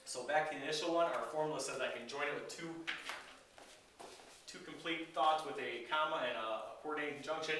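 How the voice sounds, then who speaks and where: A man, an English teacher, giving a recorded grammar lecture in a relaxed, explanatory way with frequent fillers. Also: a little high, brisk, slight background noise. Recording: very echoey room, voice from a distance.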